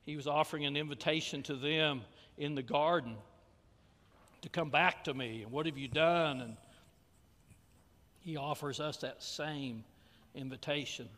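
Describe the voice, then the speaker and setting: A man preaching a sermon as pastor in a church, his delivery swinging from raised calls to hushed, near-whispered lines. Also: a little high, a little slow, long pauses, soft background music. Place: church sanctuary. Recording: long reverb of a church hall.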